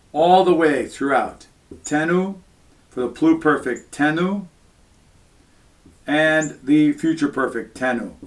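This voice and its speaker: A man teaching a recorded Latin lesson, walking through each point slowly and patiently. His voice sits a little higher than most men's. He often pauses on "all right" and "um" before moving on. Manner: patient step-by-step explaining, frequent "all right" and "um".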